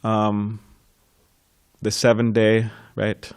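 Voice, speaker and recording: A man with a low voice gives a scripture class in a temple. He talks informally and tells stories, with soft laughs between thoughts. The sound is dry and close. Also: monotone, very slow, clear, resonant tone, no room sound. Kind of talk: reminiscing temple class talk.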